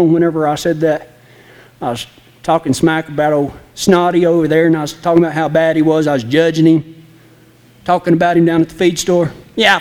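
A man's voice: fairly high pitch, long reverb tail. A man preaching an impassioned, folksy sermon that speaks straight to the congregation. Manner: impassioned, folksy and direct, acting out flippant apologies.

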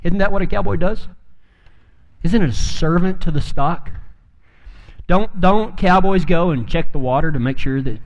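A man's voice: high-pitched, normal speed, pauses often. A man preaching a sermon, telling stories in a folksy way and building to emphatic peaks. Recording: long reverb of a hall.

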